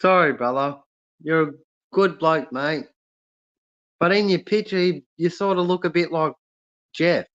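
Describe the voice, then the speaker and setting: A man with an Australian accent hosting a casual live stream, reading chat comments aloud and talking in a halting way with lots of fillers and restarts. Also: on the high side, a bit bright. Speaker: livestream host reading chat. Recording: lo-fi dull sound.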